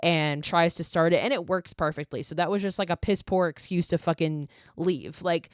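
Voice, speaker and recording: A woman's voice: on the low side, steady tone, moderate pace, clean tone, no echo, studio quality. A woman podcast host casually recapping a film, peppering it with "like" and profane, exasperated asides. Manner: fillers of "like" throughout.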